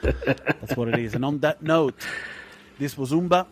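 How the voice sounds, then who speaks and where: A man's voice: medium pitch, unhurried. Emphatic man hosting a film podcast. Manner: emphatic, opinionated, swears casually. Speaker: podcast host. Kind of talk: casual film review chat.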